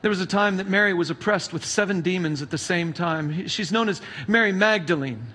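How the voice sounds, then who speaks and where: Male pastor, high-pitched, dynamic sermon storyteller. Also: brisk, bright, forceful tone, husky. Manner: reads scripture then retells it in plain storytelling.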